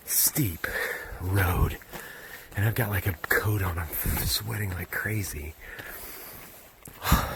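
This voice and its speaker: A man narrating a casual travel vlog while walking up a steep road outdoors, thinking aloud and out of breath. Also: low-pitched. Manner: chatty, thinking aloud while hiking uphill. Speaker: travel vlogger. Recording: outdoor ambience and background noise.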